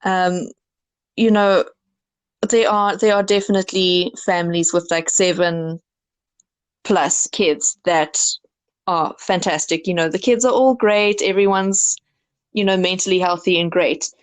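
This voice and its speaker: A woman's voice: fairly low pitch, steady tone, a little slow. A woman co-hosting a podcast in casual chat, explaining at length in an earnest way with many fillers. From South Africa. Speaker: podcast co-host.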